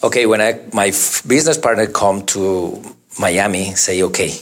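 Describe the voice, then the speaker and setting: A man telling his life story in an interview, speaking halting, broken English full of restarts and acting out the people he talks about. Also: on the low side. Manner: lively, acts out the voices of people in his stories.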